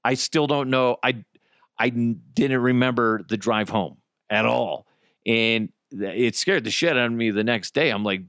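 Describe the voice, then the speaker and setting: A man hosting a solo podcast while high, rambling, swearing heavily and laughing often. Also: a little slow, fairly bright tone, clear, resonant tone, no echo, clean studio sound. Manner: profane, rambling, frequent laughter. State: high on cannabis. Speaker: podcast host.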